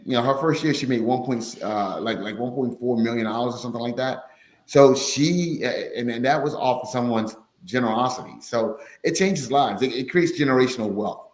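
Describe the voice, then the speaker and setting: A man telling stories in a rambling, animated way, often repeating his words, as a guest on a money podcast. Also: mid-range voice. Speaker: podcast guest, finance course teacher. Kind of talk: casual storytelling chat. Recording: roomy echo.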